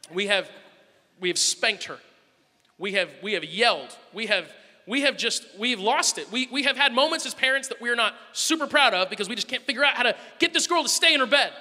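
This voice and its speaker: A man preaching a sermon, telling a family story with animated swings between loud bursts and soft asides. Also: sits high, in a large hall. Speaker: pastor.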